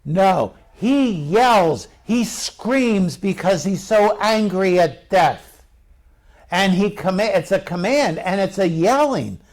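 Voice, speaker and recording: A man's voice: high-pitched, expressive, slow pace. A middle-aged male pastor preaching a sermon in a conversational way, asking the congregation questions.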